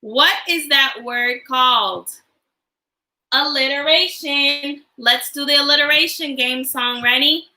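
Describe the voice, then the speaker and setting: A woman's voice: high voice, unhurried, bright, forceful tone, roomy sound, poor audio. A woman teacher leading a livestreamed class for young children, cheerful and sing-song, asking call-and-response questions. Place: home, online class livestream. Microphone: computer or phone mic on a livestream.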